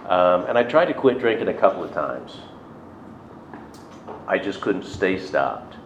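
A man's voice: low-pitched, big pitch swings, measured pace. A middle-aged man telling a personal story in a conversational, self-deprecating way, acting out the people he quotes. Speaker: recovery speaker sharing his story. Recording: roomy, dull lo-fi recording with faint noise.

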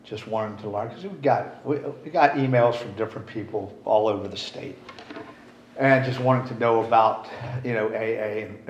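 A middle-aged man speaking at a recovery meeting, candid and rambling, swearing casually. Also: fairly low pitch. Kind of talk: recovery share talk. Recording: roomy, dull, faint hiss.

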